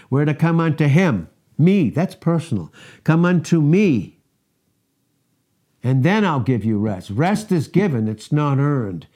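Slow, emphatic male preacher. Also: medium pitch, mellow. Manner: emphatic, rhetorical questions, repeats key words. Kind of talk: sermon.

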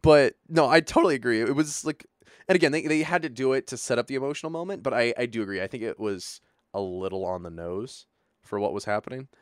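A young man chatting casually as a podcast co-host, animated and full of filler words, acting out bits of dialogue. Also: mid-range voice, fast, dry recording, clean studio sound. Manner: animated, lots of filler words, acts out lines. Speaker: podcast co-host recapping a movie. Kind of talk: casual chat.

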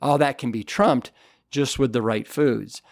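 A man's voice: medium pitch, a little slow, gravelly, no room sound. Earnest man telling stories, dry sound. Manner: earnest, enthusiastic, full of fillers and restarts. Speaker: author and guest. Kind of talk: conversational storytelling interview.

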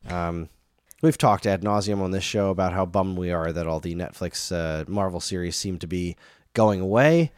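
Man, thirties, casual podcast chat, low voice, tangent-prone, dry close mic. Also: normal speed, clean tone, dry recording. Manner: rambling, goes off on tangents. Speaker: podcast co-host.

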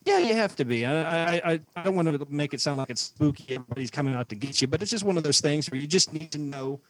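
Animated man telling a story. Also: a little high, quick pace, no echo. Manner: animated storyteller, acts out both sides of an argument. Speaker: podcast co-host. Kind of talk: casual storytelling chat.

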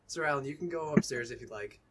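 A young man with a husky voice, narrating a tabletop role-playing game as game master in a loose, joking way. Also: fairly high pitch, fast, a bit bright, slight background noise.

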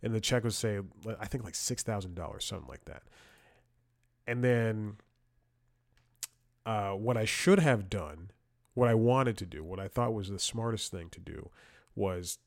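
A man's voice: lowish voice, a little slow, gravelly, pauses often, no room sound, clean studio sound. A man hosting a podcast, telling a story in a rambling, self-interrupting way and laughing at his own jokes. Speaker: podcast host. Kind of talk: casual comedic monologue.

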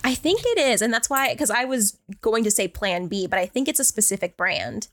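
A woman co-hosting a podcast, chatting casually and reading novel excerpts, animated, exasperated and swearing freely. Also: fairly high pitch, brisk. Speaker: podcast co-host. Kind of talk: casual book-club chat.

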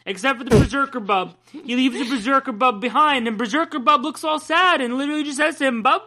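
Profane, ranting podcast guy with a bright voice. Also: very high-pitched, quick pace. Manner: profane, ranting, laughs often. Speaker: podcast co-host. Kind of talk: casual comic book chat.

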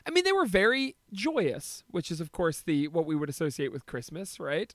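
A man's voice: on the high side, moderate pace, no echo, studio quality. A man co-hosting a podcast, chatting casually about a song with a laugh and plenty of fillers. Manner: relaxed, laughing, many fillers. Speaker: podcast co-host. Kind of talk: casual chat about music.

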